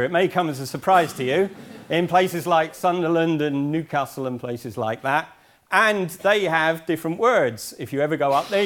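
Chatty English lecturer, man from Essex. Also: on the high side. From Essex, England. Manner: chatty, wry asides. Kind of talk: university lecture. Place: lecture hall.

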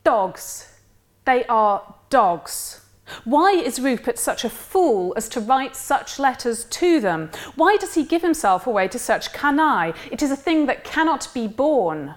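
A woman voicing a proud young woman who speaks in a measured, scornful way as she reads a novel aloud. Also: high-pitched, sing-song.

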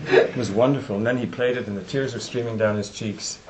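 An older man giving reflective closing remarks at a conference, and slowing down to stress lines of poetry. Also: lowish voice, steady tone, noisy background. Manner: reflective, recites poetry with slow emphasis. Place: lecture room. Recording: roomy hall echo.

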